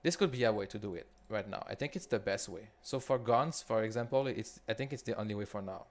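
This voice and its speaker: Quebec French man thinking aloud. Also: lowish voice. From Quebec, Canada. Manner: halting, thinks aloud with restarts. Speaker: developer leading a builder session. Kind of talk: live coding walkthrough.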